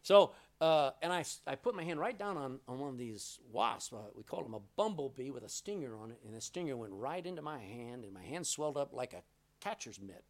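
An animated middle-aged pastor with a medium pitch preaches a touch fast. His sermon unfolds as stories, and he dramatizes quotes by altering his voice.

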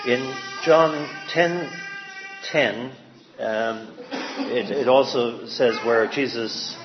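A man giving an informal sermon, halting, with many fillers and restarts as he speaks. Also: medium pitch, echoey room, over music. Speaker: lay preacher. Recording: dull lo-fi sound with faint ambience.

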